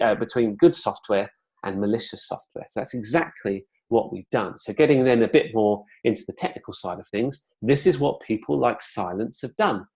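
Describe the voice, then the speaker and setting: A man with a mid-range voice gives an explanatory webinar presentation. His delivery is relaxed and conversational, sprinkled with lots of fillers and side remarks.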